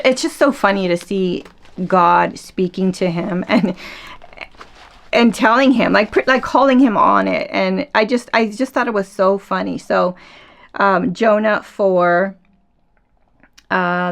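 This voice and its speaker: A woman hosting a casual faith podcast, retelling a Bible story in a chatty, animated way and acting out the quotes. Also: mid-range voice, a little slow, vocal fry. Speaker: podcast host.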